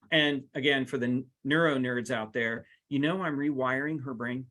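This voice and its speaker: A man's voice: medium pitch, lively intonation, fairly quick, fairly bright tone. A man teaching a live workplace seminar, talking straight to the audience with playful asides. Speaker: workplace trainer.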